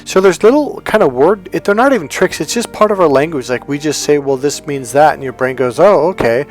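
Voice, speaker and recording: A man's voice: fairly high pitch, lively intonation, fast, faint music behind. A man, a self-help coach and hypnotherapist, talking casually to camera and telling a rambling story in which he acts out the lines of the people in it.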